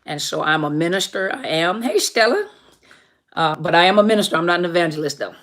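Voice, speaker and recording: A woman's voice: on the low side, animated, brisk, fairly bright tone. A woman minister hosting a live question-and-answer stream, chatting casually and greeting viewers by name. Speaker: livestream host and minister.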